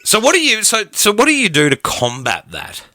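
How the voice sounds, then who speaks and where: An Australian man co-hosting a radio show, telling animated stories and mimicking people. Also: high voice, moderate pace. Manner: animated storyteller, laughs a lot, mimics people. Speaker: radio co-host. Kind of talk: casual breakfast show banter.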